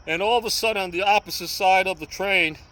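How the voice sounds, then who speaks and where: A man's voice: high voice, quick pace, bright, forceful tone, poor audio. An older man, telling a story in casual street talk and punctuating it with sound effects. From New York. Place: outdoors on a city street.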